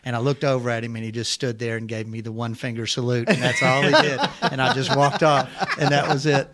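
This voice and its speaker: A man tells a story as a podcast guest, chatty and animated, breaking into laughter often. His voice sits at an ordinary middle pitch. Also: fast, a loud crowd. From Arkansas. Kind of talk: casual storytelling.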